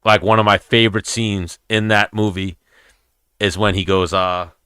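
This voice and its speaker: A man's voice: fairly low pitch, fairly even intonation, moderate pace, bright, forceful tone, clean tone, no room sound, studio quality. A young man hosting a livestream, chatting loosely and rambling with a lot of profanity. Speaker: livestream host. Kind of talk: casual chat with live chat.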